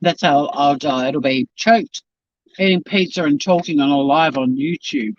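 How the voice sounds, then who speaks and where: A YouTube channel host chats casually on a live-stream while eating, rambling and talking with his mouth full. His voice is on the high side at a moderate pace, and the home camera mic gives dull, dry lo-fi audio.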